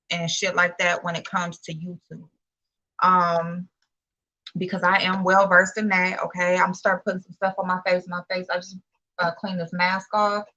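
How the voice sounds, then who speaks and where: Young woman on a livestream, bright voice, chatty and a bit nervous, greeting folks by name. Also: medium pitch, rough recording. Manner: chatty, greets viewers by name, loose and informal. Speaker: beauty YouTuber hosting a livestream. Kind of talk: casual livestream chat.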